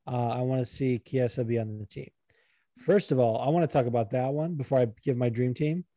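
A man co-hosting a casual podcast who rambles along, swears freely and gets animated. His voice is warm and mellow. The recording is dry and close. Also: medium pitch, fairly quick, no room sound. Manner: rambling, profane, animated, puts on regional accents. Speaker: podcast co-host. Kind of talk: casual chat.

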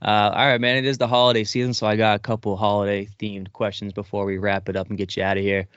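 A man's voice: lowish voice, little pitch movement, fast, fairly bright tone, no room sound. A male host casually interviewing a fighter, laid-back and affirming. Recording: dry, dull lo-fi audio.

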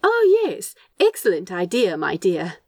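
A woman's voice: mid-range voice, sing-song, moderate pace, no echo, clean studio sound. A woman reading aloud and voicing a fussy, doting male angel who tuts primly and stays unbothered. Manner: prim, tutting, affectionate.

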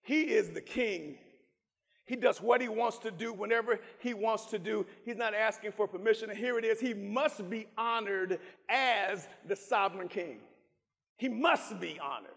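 A man preaching a fervent sermon, shouting and repeating phrases, calling out to the congregation. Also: sits high, normal speed, gravelly, in a large hall. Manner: fervent preaching with shouts, repetition and call-outs.

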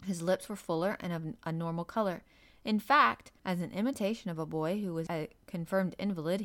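A woman narrating a classic children's novel in an even, measured manner. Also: fairly low pitch. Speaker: audiobook narrator. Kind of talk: storybook narration.

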